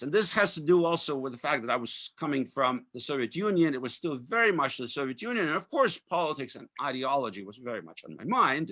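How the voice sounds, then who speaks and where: A man in his fifties from Russia with a Russian accent, giving a lecture that mixes reading with remarks, measured and full of uh fillers. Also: mid-range voice, sharp tone, no echo. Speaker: author giving a talk.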